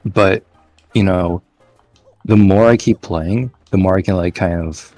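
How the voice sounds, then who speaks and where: A man's voice: low-pitched, unhurried, darkish tone, faint music behind. A man co-hosting a casual gameplay chat, hesitant and full of fillers. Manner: hesitant, filler-heavy, mumbling. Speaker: co-host.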